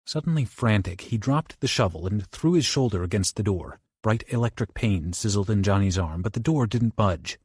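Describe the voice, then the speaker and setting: A man's voice: fairly low pitch, moderate pace, hardly any pauses, breathy edge, no room sound, studio quality. A man narrating a horror audiobook in a dramatic style. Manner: dramatic, with lively shifts into character voices.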